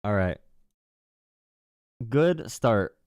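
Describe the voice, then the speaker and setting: A man's voice: lowish voice, big pitch swings, extremely slow, darkish tone, clear, resonant tone, no room sound, clean studio sound. A young man hosting a political livestream, talking casually with a sarcastic, mocking tone and frequent laughs. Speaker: political streamer and call-in show host.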